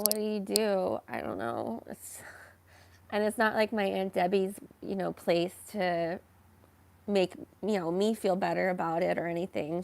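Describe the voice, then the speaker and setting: A woman talks slowly through a personal story, pausing often and filling gaps with soft hesitations. Her voice is smooth yet carries a gravelly edge. The sound is close and dry, with no room echo. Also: medium pitch. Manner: slow, hesitant, full of fillers and self-reproach. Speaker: vlogger.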